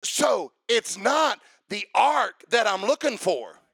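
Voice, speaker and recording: A man preaching a sermon to a congregation, building to fervent shouts and calling for responses. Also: high voice, sing-song, takes it slowly, gravelly, breathy edge, no room sound, studio quality. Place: church service.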